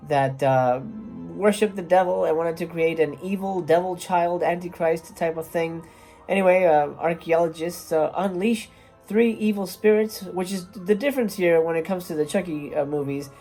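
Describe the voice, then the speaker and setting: Low, mellow-voiced woman reviewing a film. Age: adult parent. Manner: chatty and wry, with frequent "uh" hesitations. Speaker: movie reviewer and channel host. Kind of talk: casual video review.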